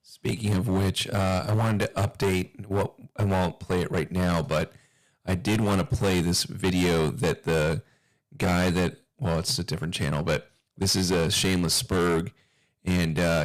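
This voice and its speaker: A man talks casually on a live stream, rambling and hesitant with plenty of fillers. His voice sits very low and deep. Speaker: streamer reacting to videos.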